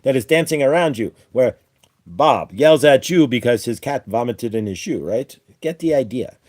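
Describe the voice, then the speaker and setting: A man's voice: mid-range voice, expressive, moderate pace, a little mellow, dry recording, clean studio sound, close to an everyday voice. A man channeling a male ascended master spirit, giving a spiritual teaching in a preachy manner that ends almost every point with "right?". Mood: earnest teaching.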